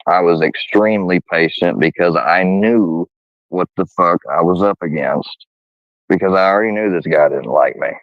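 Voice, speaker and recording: A man with a lowish voice tells a story in casual talk, swearing freely and getting heated. The sound is dull and lo-fi, dry and close. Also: moderate pace, no room sound. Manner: profane, heated, quotes others in a raised voice. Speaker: guest telling a story.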